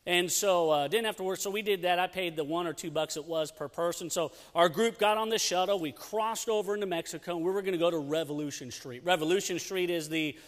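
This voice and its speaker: Middle-aged guy preaching, telling a story all animated, kinda high voice, big church echo. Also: fast, few pauses. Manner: animated, storytelling with lots of restarts. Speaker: youth pastor. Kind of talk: storytelling sermon. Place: church sanctuary. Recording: long church hall reverb.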